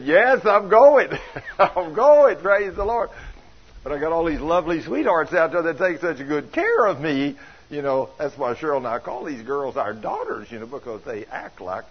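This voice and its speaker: A man preaching a sermon in a folksy, animated, conversational way, full of homespun stories. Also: fairly high pitch, breathy edge. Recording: dull lo-fi recording.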